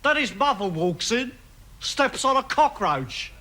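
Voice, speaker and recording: A man's voice: very high voice, big pitch swings, a little slow, bright, forceful tone, heavily acted. A man playing a crude cockney punk who tells gags, brash and cackling, in a sketch comedy monologue.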